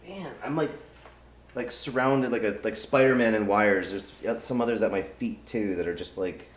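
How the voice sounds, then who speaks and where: A man's voice: fairly low pitch, normal speed. A man streaming a game live, chatting casually and rambling with lots of fillers, on a desk mic. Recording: roomy room with game music.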